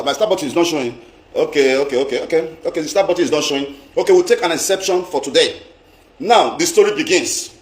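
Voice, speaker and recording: High-voiced Nigerian man ranting on a live stream. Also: fast. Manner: emphatic, repeats phrases, mixes in pidgin. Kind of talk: casual live-stream rant. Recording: roomy echo.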